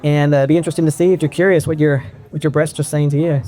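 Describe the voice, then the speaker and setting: A man's voice: fairly high pitch, flat delivery, rapid-fire, warm tone. A middle-aged man speaking candidly to a convention audience, telling his own story. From California. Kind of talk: personal talk to an audience.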